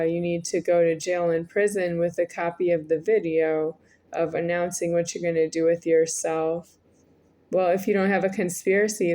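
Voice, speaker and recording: A woman's voice: on the low side, darkish tone. A woman in her forties speaking in a rambling, repetitive monologue to the camera, with frequent hesitations. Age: 40s. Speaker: vlogger.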